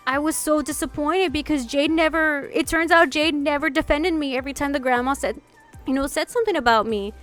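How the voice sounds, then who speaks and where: A young woman vlogger telling a personal story in casual chat, animated and full of "like"s and restarts. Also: sits high, brisk, soft background music. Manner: animated, acts out quotes, many "like"s and restarts.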